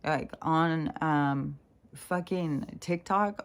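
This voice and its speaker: Chatty woman with a lowish voice. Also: takes it slowly, a bit bright. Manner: chatty, laughing often, swearing, quoting people in put-on voices. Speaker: vlogger. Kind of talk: casual storytelling rant.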